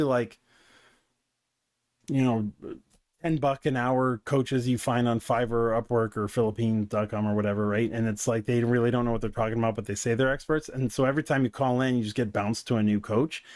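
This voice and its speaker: A man's voice: medium pitch, darkish tone, dry recording, clean studio sound. A man who coaches businesses, giving casual, digressive commentary with lots of fillers. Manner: conversational, digressive, filler-heavy.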